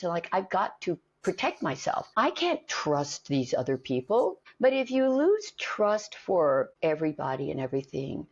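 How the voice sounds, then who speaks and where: A lowish, gravelly voice with a breathy edge belongs to a middle-aged acting coach telling stories in a conversation. She's animated and acts out the voices she quotes, though the recording is dull and lo-fi.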